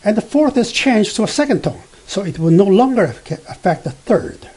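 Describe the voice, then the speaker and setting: A man teaching beginner Mandarin from slides, explaining slowly and haltingly with many fillers, and reading example sentences tone by tone. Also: high voice, sing-song, a little mellow, slightly rough. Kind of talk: slide-based language lesson.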